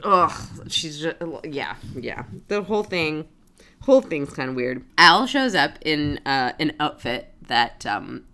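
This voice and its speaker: A woman with a low-pitched voice talks casually as a podcast co-host. She recaps a TV episode in a chatty way, full of "like" and "yeah". She agrees often and keeps the talk relaxed. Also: measured pace. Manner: chatty, lots of filler words and agreement.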